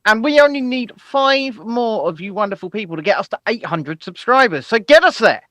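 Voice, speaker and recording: High bright-voiced guy co-hosting a podcast, opinionated and emphatic, dry sound. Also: expressive, moderate pace, no room sound. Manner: emphatic, opinionated, frequent restarts. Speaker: co-host. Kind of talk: casual podcast chat.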